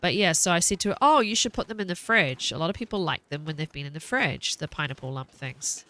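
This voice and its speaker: Woman, new zealand accent, thirties, casual game stream chat, bright tense tone. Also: fairly low pitch, lively intonation, fast. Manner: chatty, rambling, laughs often.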